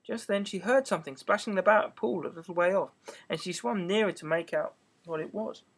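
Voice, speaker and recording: A man's voice: high voice, brisk, gravelly. A man narrating an amateur audiobook reading, telling the story steadily with small stumbles.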